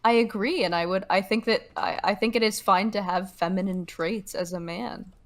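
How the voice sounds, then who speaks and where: A woman calling in to a casual chat, her voice mid-pitched. She answers hesitantly, with fillers and restarts. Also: steady tone, moderate pace. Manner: hesitant, lots of fillers, laughing. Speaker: caller.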